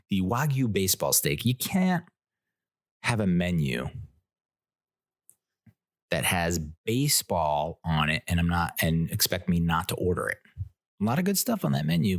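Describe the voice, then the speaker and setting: A man's voice: deep voice, dry recording, studio quality. A man hosting his own podcast, telling a rambling, self-mocking story and laughing at his own jokes. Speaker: podcast host. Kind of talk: casual solo podcast storytelling.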